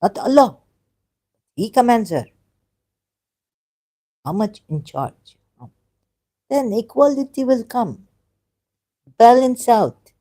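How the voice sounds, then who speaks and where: A woman with a slightly high, mellow voice speaks slowly, with big swings in pitch and long pauses. She's a religion critic reacting to a video, reading it aloud and arguing back in casual commentary. Exasperated and argumentative, she stumbles over her words.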